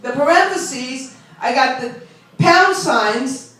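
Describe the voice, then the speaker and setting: Speaking slowly with a high, sharp voice and lively intonation, a woman in her 60s from Long Island, New York does stand-up. She pokes fun at herself and teases the crowd, captured from a distance in an echoey club.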